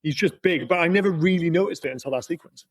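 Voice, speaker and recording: A fast, husky-voiced man co-hosting a podcast in easy conversation. His voice sits a little high for a man and tumbles out quickly. He swears casually and keeps the talk animated. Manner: swears freely, animated and chatty. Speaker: podcast co-host. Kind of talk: casual chat.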